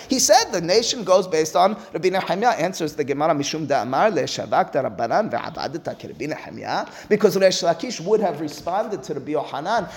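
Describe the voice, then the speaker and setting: A man giving a Talmud lesson, acting out the sages' back-and-forth and weaving Hebrew and Aramaic terms into his English. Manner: acts out dialogue between sages with big pitch swings. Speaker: Talmud teacher. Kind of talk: animated Talmud lecture.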